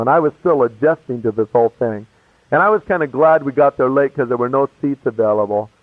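Preacher on a tinny radio line. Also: male voice, medium pitch, dry recording. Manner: casual slangy storytelling. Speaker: pastor. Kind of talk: sermon with personal testimony. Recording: tinny phone-like radio broadcast.

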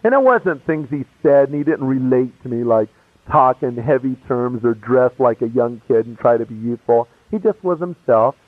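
Male pastor, casual storytelling sermon, narrow phone-like sound, dry close mic, average-pitched voice. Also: animated, moderate pace, dry recording. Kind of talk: sermon with personal testimony. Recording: tinny phone-like radio broadcast.

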